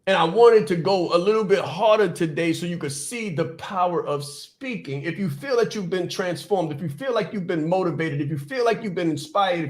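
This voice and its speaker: A man hosting a podcast, giving a fast, emphatic motivational talk, repeating his points and stumbling over words without stopping. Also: high voice, expressive. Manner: fast, repetitive, emphatic preaching. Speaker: podcast host and business coach. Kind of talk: motivational speech.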